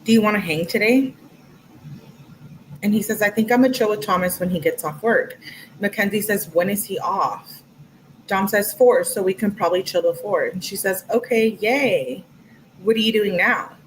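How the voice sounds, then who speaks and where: On a livestream, a young woman casually reads text messages aloud, chatting and tossing in her own commentary between quotes. Her voice sits in the mid-range at a moderate pace, and the poor audio carries slight background noise.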